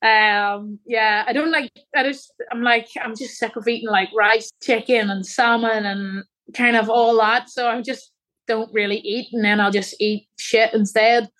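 A woman's voice: a little high, fairly even intonation, measured pace, fairly bright tone. Chatty young woman, laughing, rambling. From Ireland. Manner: laughing, rambling with many fillers. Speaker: guest athlete. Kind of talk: casual chat.

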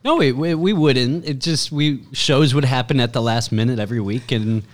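A man's voice: medium pitch, moderate pace. A man co-hosting a casual podcast, making sarcastic jokes and banter. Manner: jokey, sarcastic, lively. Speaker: podcast co-host. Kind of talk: casual chat.

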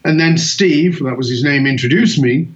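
A British man in his sixties, a guest telling animated stories and acting out the other people in them. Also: fairly high pitch, normal speed. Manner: animated anecdotes, acts out quoted voices. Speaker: guest speaker. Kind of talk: storytelling in an interview. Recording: roomy, dull lo-fi audio.

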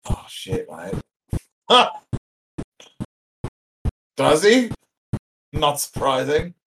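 A man voices a flippant young male parakeet. He drawls slowly in a somewhat high voice and keeps swearing and laughing. A faint hiss sits under the recording. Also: huge pitch swings, heavily acted.

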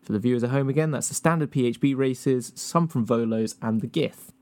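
A man's voice: medium pitch, a little fast, a little mellow. A man, hosting a tabletop game session as game master, chatty and often laughing. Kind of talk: hosting a tabletop character creation.

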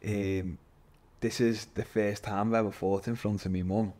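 A man, a guest telling his story in an animated, casual way, swearing and calling everyone lad. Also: lowish voice, normal speed. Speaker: podcast guest, MMA fighter.

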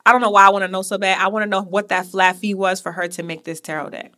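Bright-voiced chatty woman podcast host. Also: mid-range voice, fairly even intonation, fast. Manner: chatty, digressive, with asides to listeners. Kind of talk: casual storytelling chat.

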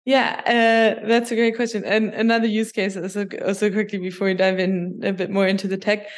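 A woman, a podcast guest, explaining things in a measured way with many small restarts. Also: mid-range voice, level tone. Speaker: guest, company chief of staff. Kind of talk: podcast interview.

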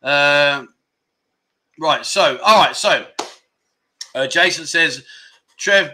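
A man, chatting loosely and jokily like a relaxed livestream host. His voice sits a little high for a man and has a sharp, very bright edge. He rambles from story to story with plenty of asides. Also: very slow, a little hiss or hum. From United Kingdom. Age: 50s. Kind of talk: casual chat show, reading viewer comments.

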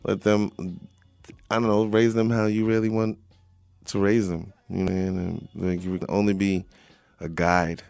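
A middle-aged man, a rapper guest, talking in a laid-back, halting way with many fillers in a casual interview. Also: lowish voice, little pitch movement, vocal fry, darkish tone, clean tone, no room sound, soft background music.

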